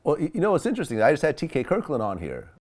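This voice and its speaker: A man hosting an interview, throwing in quick questions and reactions. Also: on the high side, wildly swooping pitch, darkish tone. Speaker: interviewer host.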